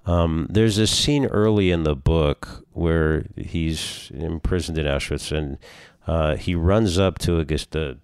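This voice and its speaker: A man's voice: very deep voice, takes it slowly, darkish tone, clear, resonant tone, no room sound, clean studio sound. A man interviewing an author, asking curious, engaged questions. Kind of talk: conversational interview.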